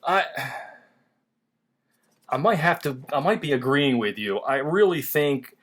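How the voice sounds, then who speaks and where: A man's voice: a little high, big pitch swings, measured pace, a bit bright. A man hosting a casual toy review chat, laughing easily and restarting his sentences. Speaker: toy review channel host.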